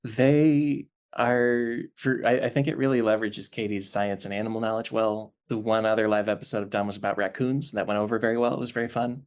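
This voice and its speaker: A man's voice: on the low side, fairly even intonation, brisk, few pauses. A man as a podcast guest, chatting in an easygoing, thoughtful way and laughing easily. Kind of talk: casual chat.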